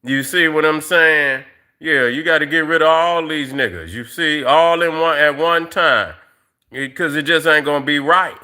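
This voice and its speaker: A man's voice: on the high side, normal speed, pushed and bright, clear, resonant tone. A middle-aged man ranting on a casual livestream, profane and rambling, with lots of fillers, talking straight to his viewers. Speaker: livestream host.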